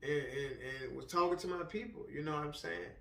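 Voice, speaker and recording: A man from Richmond talks casually and slangily, leaning on "you know what I'm saying." His voice sits high for a man. He sounds a little distant from the mic in a roomy, echoey space. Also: brisk, creaky, a bit bright. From Richmond, Virginia. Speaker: author and speaker, minister. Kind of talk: casual motivational testimony.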